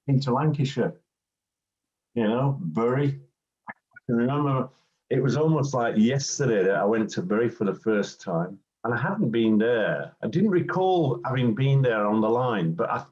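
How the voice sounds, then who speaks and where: An older English man, once a football referee, reminisces in an interview, acting out quotes as he tells anecdotes. His voice is fairly low and a little mellow, and the recording sounds muffled.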